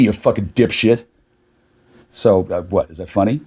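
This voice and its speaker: A man's voice: lowish voice, normal speed, a little mellow, breathy edge. A man delivering a furious, confrontational rant to the camera, swearing constantly. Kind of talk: angry profane rant.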